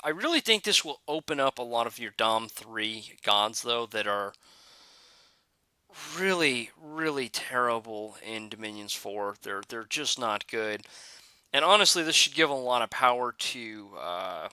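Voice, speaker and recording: Bright-voiced man musing over game changes. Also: mid-range voice, animated, a little slow, clean tone, no room sound. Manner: hesitant, many "uh" fillers and restarts. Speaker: gaming video creator. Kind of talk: casual game commentary.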